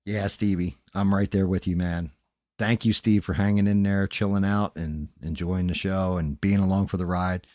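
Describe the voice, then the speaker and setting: A man's voice: deep voice, steady tone, moderate pace, a little mellow, no echo, studio quality. A man hosting a late-night livestream, chatting loosely with frequent swearing and thanking viewers by name. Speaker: livestream host.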